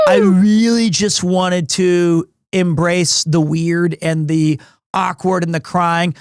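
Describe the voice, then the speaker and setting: A man live-streaming from home, chatting casually with his viewers in a rambling, excitable, self-deprecating way. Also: high-pitched, takes it slowly, clear, resonant tone, no room sound.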